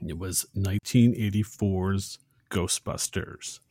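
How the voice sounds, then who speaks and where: A man's voice: low voice, steady tone, takes it slowly, mellow, no room sound, clean studio sound. A man co-hosting a casual podcast, summarizing a film in a friendly way. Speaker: podcast co-host.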